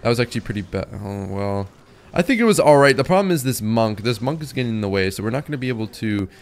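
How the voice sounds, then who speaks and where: A young man giving chatty, excitable commentary over his own gameplay, laughing often and breaking into sudden high-pitched outbursts. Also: fast talker. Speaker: gaming video creator.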